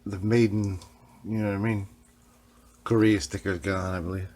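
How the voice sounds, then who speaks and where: A man's voice: on the low side, level tone, normal speed, darkish tone. Laid-back rambling man calling everyone "man". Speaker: vlog host, guitar repairer. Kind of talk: casual workshop vlog.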